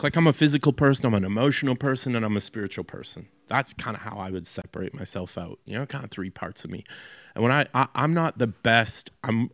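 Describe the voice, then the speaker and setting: A man's voice: mid-range voice, no echo, studio quality. A man preaching a sermon as a pastor in a loose, conversational way, with many fillers and restarts.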